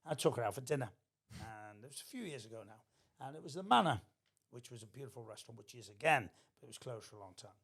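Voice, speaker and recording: A man's voice: mid-range voice, lively intonation, fast talker, fairly bright tone. An older man, telling a theatrical anecdote as a podcast guest. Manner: theatrical storyteller.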